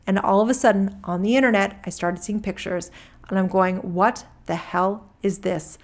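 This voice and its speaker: A woman reads a court transcript aloud, taking on the role of a rambling male witness giving deposition testimony who keeps restarting his sentences in casual speech. Her voice is mid-range, steady, and close to everyday, at a normal speed.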